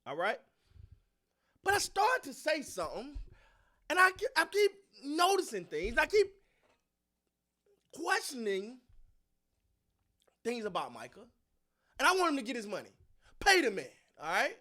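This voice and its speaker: Speaking in an extremely high pitch, this man hosts his own sports channel, unhurried and leaving long pauses. He chats casually with his viewers, animated and addressing them directly, and gives his opinions in loose, slangy, repetitive language.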